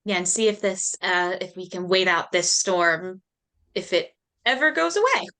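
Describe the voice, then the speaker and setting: A woman's voice: lowish voice, animated, normal speed, bright, forceful tone. A woman player in a tabletop game who talks hesitantly, with many uhs and likes. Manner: hesitant, full of fillers. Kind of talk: casual tabletop play.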